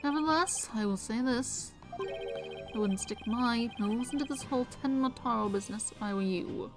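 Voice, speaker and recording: Woman reading a haughty vain male aide, pompous, faux-French flourishes, fairly high voice, music behind. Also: moderate pace, natural voice.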